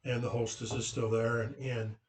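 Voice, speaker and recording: Rambling dad telling a story. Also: male voice, medium pitch, level tone, normal speed, slight background noise. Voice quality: rambling, with many fillers and restarts. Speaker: father recounting family memories. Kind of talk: casual anecdotal storytelling. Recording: roomy, from a distant mic.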